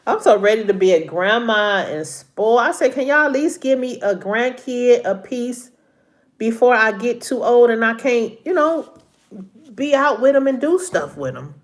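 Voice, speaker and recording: A woman's voice: a little high, lively intonation, moderate pace. A middle-aged woman chatting casually with viewers on a live stream, laughing often, a little congested from allergies.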